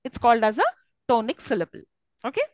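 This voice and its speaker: A woman's voice: fairly high pitch, expressive, fast talker, a little mellow, dry recording, poor audio. A woman teaching a university class, explaining patiently, with many fillers and questions put to her students. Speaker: university English lecturer. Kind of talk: live lecture to students.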